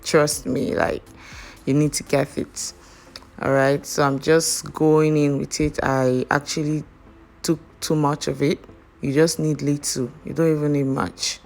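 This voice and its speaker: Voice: mid-range voice, level tone, measured pace, vocal fry. A makeup artist recording a casual tutorial voiceover, chatty and full of fillers. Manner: chatty, heavy on fillers like "all right, so".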